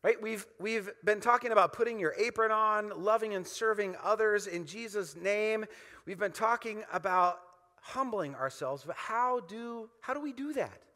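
Pastor, male, high bright voice, emphatic repeating sermon delivery, hall reverb. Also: normal speed. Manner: emphatic, repetitive call-and-response preaching.

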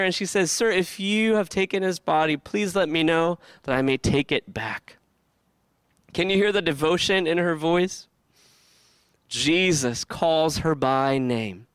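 A male pastor preaching a sermon with lively, animated delivery, often asking the listeners questions and acting out the characters he talks about. His voice sits a little high for a man and is smooth and resonant. The sound is dry and close. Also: no room sound.

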